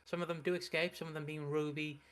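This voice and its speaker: Brief: young male host, bright, slightly high voice, rambling plot recap. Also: level tone, fast, smooth. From United Kingdom. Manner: recaps the plot with many fillers and restarts. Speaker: soap opera reaction host. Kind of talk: casual recap chat.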